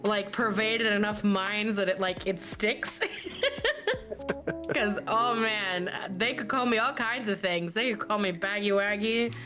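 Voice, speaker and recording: A woman co-hosts a casual podcast, playful and quick to giggle as she moves the talk along. Her voice is middle-pitched, with music clearly underneath. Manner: giggly and playful, moderating the conversation. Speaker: podcast co-host. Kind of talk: casual chat.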